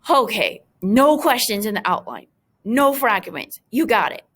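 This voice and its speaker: A woman's voice: on the high side, very animated, a little slow, a bit bright, husky. A woman teacher talking through a screen-recorded lesson, chatty and full of fillers, with joking asides to her students.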